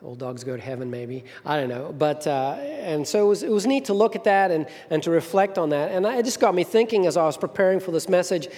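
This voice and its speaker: Speaking fast and with few pauses, this middle-aged senior minister has a high voice with a darkish tone. His sermon is a string of anecdotes in which he acts out the people's voices, and the church hall's long reverb trails after him.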